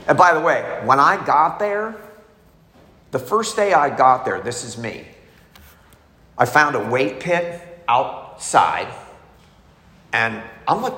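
Animated and speaking at a normal speed, a man with a creaky, pushed, bright mid-range voice gives an emotional, candid recovery testimony, performing the voices of people in his story. The sound comes from an echoey hall with faint ambience.

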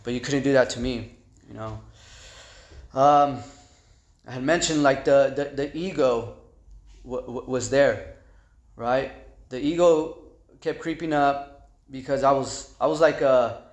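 A man with a mid-range voice gives personal testimony at a recovery meeting, speaking haltingly, repeating words and using conversational fillers. The room sounds echoey.

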